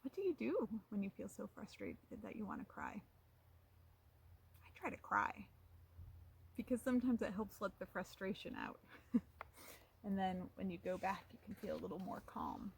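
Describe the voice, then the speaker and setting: A woman reading a picture book aloud to children, pausing to ask them questions in an animated way. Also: medium pitch, gravelly, a little hiss or hum. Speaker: storytime reader.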